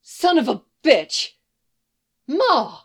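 A woman's voice: mid-range voice, lively intonation, takes it slowly, fairly bright tone. A flustered grown son in a storybook reading, earnest and easily scandalized, calling out in a raised voice, as a woman reader puts him on. He sounds a touch whiny. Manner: exclaiming, scandalized.

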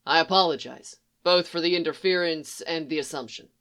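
A woman voicing a calm, polite male vigilante in a lowered, quiet, measured voice.

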